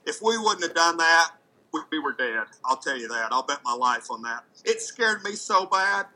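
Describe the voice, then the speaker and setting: A man with a very bright, ringing voice tells a story in loose, casual talk. He is animated, trips over repeated words, and sometimes jumps his voice up to act out what people said. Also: fairly high pitch, moderate pace, rough recording.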